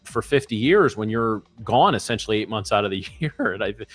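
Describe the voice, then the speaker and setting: Male co-host, low voice, easygoing rambling storyteller, faint music bed. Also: expressive, a little fast. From St. Louis area, USA. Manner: rambling, repeats words while telling stories. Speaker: co-host of live trading show. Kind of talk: casual chat, storytelling.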